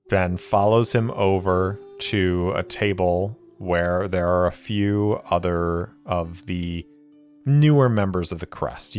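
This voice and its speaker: Male game master with a deep, unhurried voice, narrating solo play deliberately. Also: clear, resonant tone, dry recording. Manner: measured, deliberate storytelling. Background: faint music.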